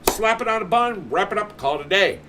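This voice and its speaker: A man's voice: high-pitched, lively intonation, a little fast, a crowd in the background. A man streaming from home, telling a story in casual chat, swearing constantly and ranting with animation.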